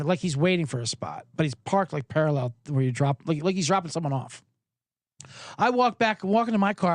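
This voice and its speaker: A man hosting a sports podcast, telling a comedic rant, profane and animated, acting out both sides of an argument. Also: fairly high pitch, no room sound, studio quality.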